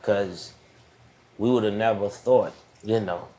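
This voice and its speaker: A man's voice: on the low side, slow, mellow. A man in his fifties, a podcast guest from the Boston area, telling stories in a laid-back, reflective way with trailing phrases. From United States (Boston area). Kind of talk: casual storytelling.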